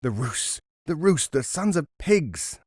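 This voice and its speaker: A man's voice: medium pitch, normal speed, a little mellow, no room sound, clean studio sound, lightly acted. A male narrator voicing a poor, proud Afghan peasant man over sixty, talking with fierce defiance. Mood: defiant.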